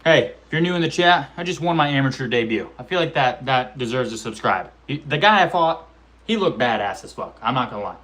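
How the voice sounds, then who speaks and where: A man's voice: mid-range voice, animated, brisk, a bit bright, a little hiss or hum. A man in his twenties telling a casual, profane story about his amateur fight, acting out quotes and sound effects. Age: 20s. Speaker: amateur MMA fighter vlogger.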